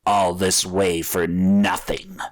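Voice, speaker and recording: Guy doing a menacing gargoyle robot, slow and cold, sneering, a bit low. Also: flat delivery. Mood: cold, dismissive. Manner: slow, cool, contemptuous.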